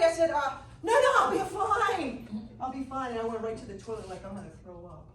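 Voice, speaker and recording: A woman teaching a health class who tells her stories in an animated way and often laughs. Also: fairly high pitch, a little fast. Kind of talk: casual storytelling class. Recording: echoey room, mic far off, noisy.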